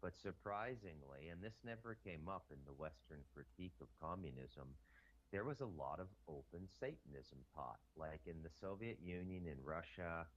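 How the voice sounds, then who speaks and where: A man talking casually as a podcast guest, rambling and halting with frequent restarts. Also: sits low, animated. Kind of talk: casual conspiracy talk. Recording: dull, muffled sound.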